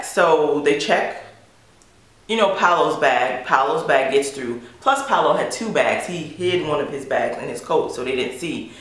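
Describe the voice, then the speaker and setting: A woman's voice: low-pitched, expressive, normal speed. A woman vlogger casually telling a story to her camera, chatty and full of "like" fillers. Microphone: camera mic. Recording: echoey room.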